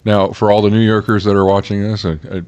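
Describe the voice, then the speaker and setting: A man's voice: lowish voice, monotone, quick pace, darkish tone, smooth. A man from Alabama co-hosting a casual podcast, rambling in a wry, self-mocking way. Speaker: podcast co-host.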